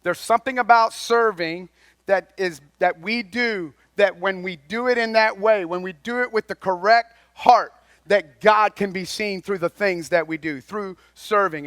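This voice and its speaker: Man, high voice, folksy chatty preacher, close dry sound, loud-to-hushed delivery. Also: dry recording. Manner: folksy, conversational preaching that swings between loud and quiet. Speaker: lay speaker at a chapel. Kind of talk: sermon.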